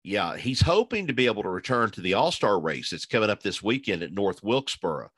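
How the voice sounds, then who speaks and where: Man, low voice, casual racing chat, rambling, fillers, dry close sound. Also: big pitch swings, brisk, fairly bright tone, husky, dry recording. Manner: rambling, many uh fillers and restarts. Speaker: racing analyst guest.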